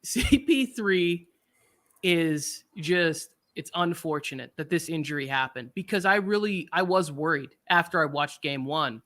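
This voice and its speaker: A man hosting a sports podcast with a bright, forceful tone and a voice sitting a touch high for a man. He talks in an animated, joking way and keeps the banter rolling. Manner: animated, jokey, slips into impressions. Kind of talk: casual sports talk.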